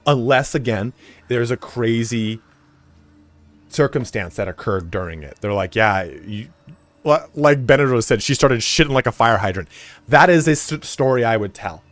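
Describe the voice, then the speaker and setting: A man's voice: mid-range voice, animated, normal speed, a bit bright, no echo. A man streaming a video game, chatting casually in a rambling, frank and profane way, full of fillers. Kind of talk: casual chat while playing.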